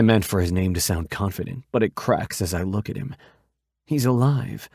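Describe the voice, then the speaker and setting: A man narrating an audiobook in a steady, measured way. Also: lowish voice, gravelly, breathy edge, no room sound, clean studio sound.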